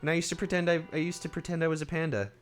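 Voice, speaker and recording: A man's voice: fairly high pitch, fairly even intonation, rapid-fire, faint music behind. Teasing man chatting on a stream. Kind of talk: casual chat during a game stream.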